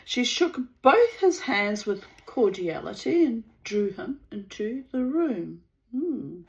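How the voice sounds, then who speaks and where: A woman reading a story aloud in a measured way, lingering over words. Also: fairly high pitch, very animated, vocal fry, poor audio. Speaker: reader of a story.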